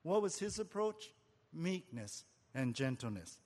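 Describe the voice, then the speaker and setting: A man with a high voice delivers an expository sermon. He preaches earnestly and conversationally, posing rhetorical questions to his listeners. His voice carries a long reverb from a hall. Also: very animated, measured pace, a little mellow. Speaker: pastor.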